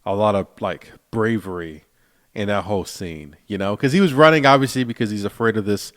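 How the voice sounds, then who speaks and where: A man's voice: on the low side, fairly quick, a bit bright. A man from Philadelphia co-hosting a podcast in casual chat, jokey and slangy. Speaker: podcast co-host.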